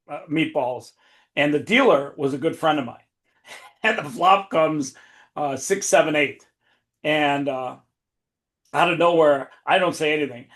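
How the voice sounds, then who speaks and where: A man with a slightly high-pitched voice hosting a casual podcast. He tells his stories in an animated way and laughs often. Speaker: podcast host. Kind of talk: casual storytelling chat.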